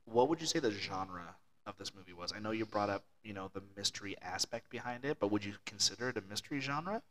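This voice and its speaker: Male co-host, bright crisp tone, curious casual questioner. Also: on the low side, expressive, quick pace, rough recording. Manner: curious, asks follow-up questions. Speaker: podcast co-host. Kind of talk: casual chat.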